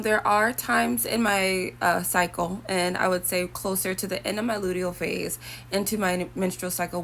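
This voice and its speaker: Young woman chatting to camera, rambly and a bit preachy, gravelly fry in her voice. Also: mid-range voice, fairly bright tone, slight background noise. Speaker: vlogger. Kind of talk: casual talk to camera.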